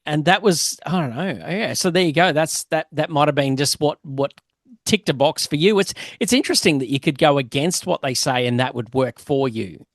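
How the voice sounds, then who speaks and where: A man's voice: on the high side, moderate pace, dry recording, studio quality. A man hosting a casual podcast interview, chatty and self-deprecating, laughing often. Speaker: podcast host.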